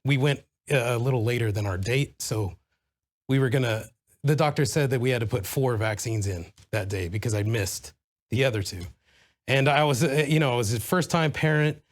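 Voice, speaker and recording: A man, a parent appearing as a guest, giving an earnest personal account in a halting way with many fillers. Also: medium pitch. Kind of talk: personal account in a talk show.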